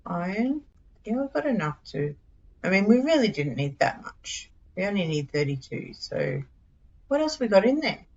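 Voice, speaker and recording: A woman's voice: medium pitch, big pitch swings, normal speed, darkish tone, lo-fi sound, slight background noise. A middle-aged Australian woman streaming a game live, chatting casually in a scattered, giggly, self-mocking way.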